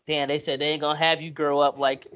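A woman's voice: sits low, flat delivery, quick pace, a bit bright. A woman co-hosting a casual podcast, acting out what characters say, swearing freely and laughing often as she tells the story. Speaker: podcast co-host. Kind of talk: casual chat.

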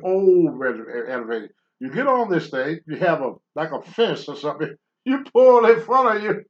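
Man, storyteller, blunt and animated, voice a touch high, muffled lo-fi sound. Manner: animated, acts out the voices of the people he quotes; blunt, rough language. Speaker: guest telling stories of his wrestling career. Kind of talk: casual spoken storytelling.

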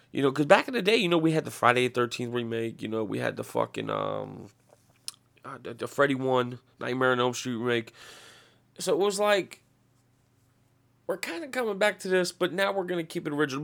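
A man's voice: mid-range voice, gravelly. A man hosting a podcast, ranting casually with heavy swearing and a rambling flow. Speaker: podcast host. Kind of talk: casual profane rant.

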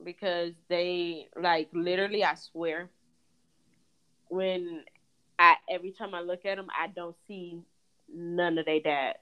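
Expressive young mother chatting. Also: fairly low pitch, a little slow, smooth, highs cut off. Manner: expressive, laughs, acts out quotes. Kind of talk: casual chat.

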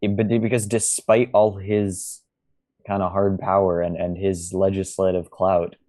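A man co-hosting a podcast, speaking in a measured, thoughtful way with halting restarts. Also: low voice, level tone, mellow. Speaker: podcast co-host. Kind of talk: casual podcast discussion.

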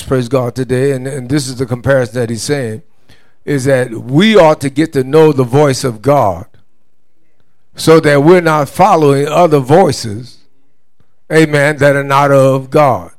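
A man preaching a sermon, reading scripture slowly and asking the congregation to finish his lines, with frequent "praise God" and "amen". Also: medium pitch.

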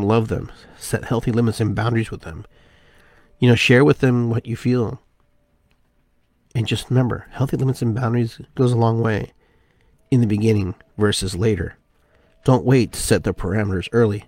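Man, podcast host, gravelly, musing spiritual monologue, repeats phrases, dry room. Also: medium pitch, fairly even intonation, a little mellow, no echo. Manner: unhurried, musing, repeats phrases with shifting inflection.

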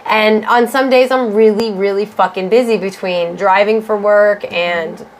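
A woman's voice: medium pitch, fairly even intonation, unhurried. Chatty, swearing woman podcast co-host. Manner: chatty, swears freely, many fillers. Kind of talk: casual chat.

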